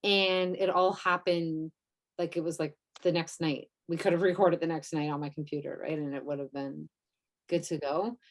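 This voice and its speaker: A woman's voice: low voice, steady tone, moderate pace. A woman co-hosting a podcast, telling a story in a casual, rambling way with lots of fillers and quoted asides. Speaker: podcast co-host. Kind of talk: casual chat.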